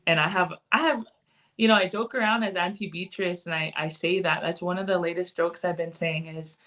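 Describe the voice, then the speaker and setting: A woman's voice: fairly low pitch, fairly even intonation, fairly quick, fairly bright tone. A woman talking as a podcast guest in a loose, conversational way. She is candid and frank, and she lets a cuss word slip in here and there. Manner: candid, frank, occasionally cussing. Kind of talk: casual conversation.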